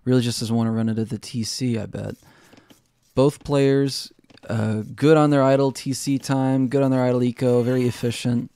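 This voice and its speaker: A man's voice: medium pitch, little pitch movement, moderate pace, warm tone, clean tone, no echo, clean studio sound. Chatty man casting a strategy game. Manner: chatty, self-mocking, laughs at own jokes. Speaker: game caster. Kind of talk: casual game commentary.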